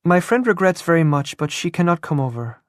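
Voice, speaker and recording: Breathless shy young woman, a guy reading her, raised lively voice, super dry sound. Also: on the high side, a little fast, dry recording, voice pushed up. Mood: eager. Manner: breathless, apologetic.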